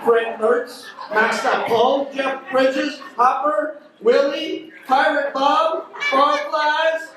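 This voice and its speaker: A man's voice: very high-pitched, fairly even intonation, takes it slowly, few pauses. A man doing a stand-up comedy set on a club stage, joking and chatting with audience members by name. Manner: crowd work, addressing audience members by name. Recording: echoey club recording from far off, loud noise.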